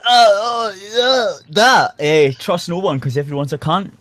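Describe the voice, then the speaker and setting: A man's voice: extremely high pitch, very slow, a crowd in the background, voice pushed up, full character voice. A man putting on a jokey Scottish voice to deliver a blunt catchphrase. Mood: mock Scottish.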